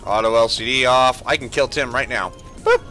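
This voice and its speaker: A man's voice: medium pitch, moderate pace, pushed and bright, soft background music. A man giving gameplay commentary as a streamer, ranting in exasperation and swearing freely. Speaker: gaming streamer.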